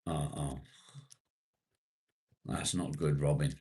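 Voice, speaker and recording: A man with a British accent, hosting a casual live stream and chatting with viewers. He reads their comments aloud, relaxed and conversational, with casual swearing. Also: a bass voice, takes it slowly, slight background noise.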